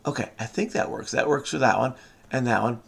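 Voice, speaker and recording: Solving a crossword and thinking aloud in a casual way, a middle-aged man mutters hesitantly and often trails off with many "I don't know"s. His voice is mid-range, gravelly and brisk.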